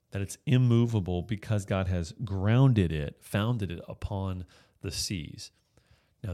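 A man with a notably low voice teaches through a psalm in an earnest, explanatory way. He often restarts his phrases as he thinks aloud. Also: a little mellow. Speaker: Bible teacher. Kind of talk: sermon-style Bible teaching.

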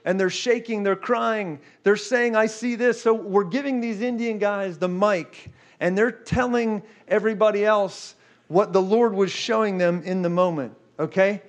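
A man preaching a sermon, telling a story in a lively way and often stopping to ask "okay?" and "guess what". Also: sits high, unhurried.

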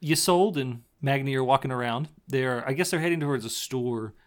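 A man co-hosting a podcast, casually retelling a TV episode scene by scene, slipping into quick quoted lines and laughing often. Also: medium pitch. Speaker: podcast co-host. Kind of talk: casual chat recapping a TV episode.

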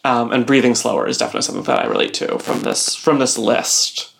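A woman's voice: rumbling low, wildly swooping pitch, fast talker, creaky, a little hiss or hum. A young woman co-hosting a casual podcast, explaining things at length with lots of "like" and "um". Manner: rambling explainer, heavy use of "like" and "um". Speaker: podcast co-host.

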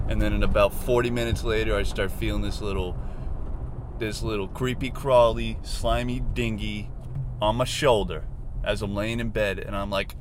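A man's voice: on the low side, normal speed. A young man rambling casually and jokingly while he drives, with loose, profane storytelling. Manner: loose, joking, profane, acts out his own reactions. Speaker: vlogger. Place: inside a car. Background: faint car and road noise.

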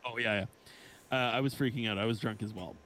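A man's voice: on the low side, steady tone, quick pace, a bit bright, rough recording. A young male podcast guest telling a laid-back, profane story from school days. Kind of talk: casual chat.

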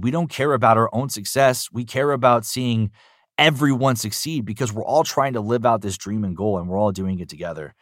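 Upbeat, animated man in dry sound. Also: fairly low pitch, no room sound. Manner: upbeat, animated, lots of fillers like "you know". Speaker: voice actor guest. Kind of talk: enthusiastic interview answers.

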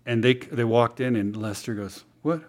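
A man's voice: medium pitch, fairly even intonation, normal speed. A man, a guest on an interview show, telling a story in casual chat with many fillers and restarts.

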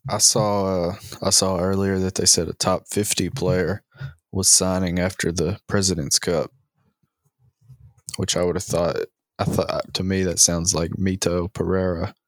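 Man with a very deep voice. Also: flat delivery, measured pace, dry recording. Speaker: podcast co-host. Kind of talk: casual sports chat.

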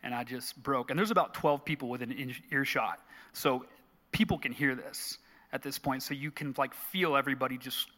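A man, a guest on a faith show, telling a personal story in an earnest, animated way. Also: mid-range voice, normal speed. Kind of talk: storytelling in a live interview. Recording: long hall reverb.

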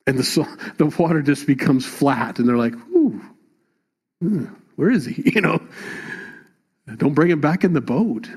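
A man's voice: fairly high pitch, moderate pace, breathy edge. Conversational preaching man, pastor. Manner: conversational preaching, rising emphatic at times. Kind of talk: sermon.

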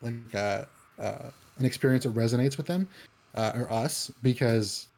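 A man's voice: mid-range voice, normal speed, gravelly, darkish tone. A man chatting casually, rambling with many fillers and restarts. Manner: acts out quoted voices in anecdotes. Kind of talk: casual chat.

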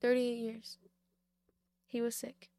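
A young woman with a gravelly, mellow voice reads a Bible passage and talks through it in a devotional style. She speaks slowly and keeps her pitch fairly flat, leaning on repetition for emphasis and staying informal. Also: no room sound, clean studio sound. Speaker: faith speaker. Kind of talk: Bible reading and devotional talk.

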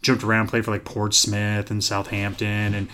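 A man's voice: on the low side, monotone, normal speed, sharp tone. A man with an American Midwest accent, co-hosting a casual sports podcast and talking in a laid-back, rambling, joking way. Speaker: podcast co-host.

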